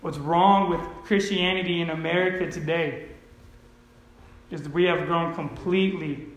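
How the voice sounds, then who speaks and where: High-voiced pastor preaching in an echoey church. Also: male voice, steady tone, normal speed, slight background noise. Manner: emphatic, checks in with listeners often; swings from loud urgency to low, soft earnestness. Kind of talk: sermon. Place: church sanctuary.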